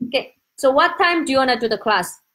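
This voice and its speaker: A middle-aged woman with a Korean accent, a native Korean speaker, chats excitedly on a casual live stream from home. Her voice sits high and leaps up and down with lively energy. She calls out to viewers by name as she talks. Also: quick pace, low-quality recording.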